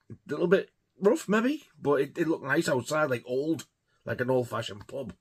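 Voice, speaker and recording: A man's voice: on the low side, fairly bright tone, husky. A man telling a rambling, laughing anecdote on his vlog, swearing freely. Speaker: vlogger.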